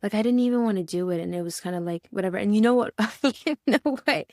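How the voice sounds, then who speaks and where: A woman's voice: mid-range voice, fast, a little mellow, dry recording, studio quality. A woman in casual podcast chat, telling a personal story and acting out what she once said. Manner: storytelling, acts out her own past words.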